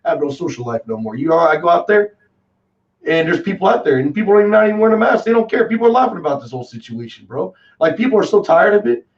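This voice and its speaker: A man in his twenties with a Texan accent, a guest talking in a rambling, excitable way and calling people dude and man. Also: on the high side, fast talker. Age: 20s. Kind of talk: casual chat. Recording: distant, dull lo-fi call audio.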